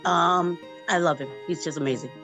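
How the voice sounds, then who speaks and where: A woman's voice: lowish voice, moderate pace, vocal fry, over music. Effusive woman on a video call. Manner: warm, effusive, laughs often. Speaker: filmmaker guest. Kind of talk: casual video call interview. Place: home.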